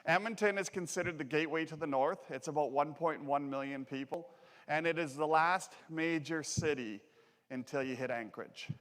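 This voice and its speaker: Canadian man, fairly high voice, folksy joking safety speaker, long hall echo. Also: normal speed. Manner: folksy and joking, lively delivery. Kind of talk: motivational talk. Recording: echoey hall.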